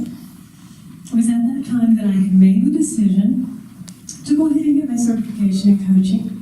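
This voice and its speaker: A middle-aged woman, a career coach, giving an animated conference talk and acting out her inner voices. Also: mid-range voice, slight background noise. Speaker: career coach and motivational speaker. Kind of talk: conference talk to a live audience. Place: conference room. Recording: echoey hall, voice from a distance.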